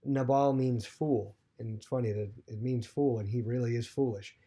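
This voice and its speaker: A man's voice: mid-range voice, fairly even intonation, normal speed, warm tone. A man teaching a Bible lesson, retelling the story loosely with many fillers and restarts.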